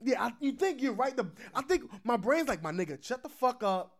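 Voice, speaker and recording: A man hosting a podcast, telling a story in casual chat, animated and swearing, laughing often. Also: extremely high pitch, a little fast. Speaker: podcast host.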